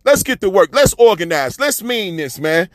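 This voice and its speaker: A man giving fiery street-talk radio commentary, preachy and repetitive, often calling listeners "family", swinging between shouts and low mutters. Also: big pitch swings, moderate pace, no echo, studio quality.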